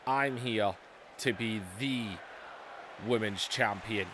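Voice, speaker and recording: A man's voice: lowish voice, slow, fairly bright tone, a little hiss or hum. A man voicing a proud, fed-up female wrestler cutting a firm challenge promo, in his own plain voice with no accent. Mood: defiant.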